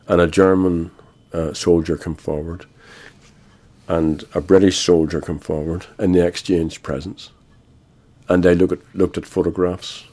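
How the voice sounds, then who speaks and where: An older Irish man, a guest in a radio interview, speaking in a measured, grave way with frequent pauses. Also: low-pitched, a little mellow. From Ireland.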